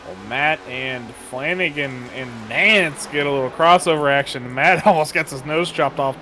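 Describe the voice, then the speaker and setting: A man calls an online sim race in a loose, easygoing way, cracking jokes and rambling between updates on the cars. His voice sits at an ordinary middle pitch. A faint hiss of background noise runs under it. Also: moderate pace, sharp tone. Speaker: sim racing commentator. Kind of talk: casual race commentary.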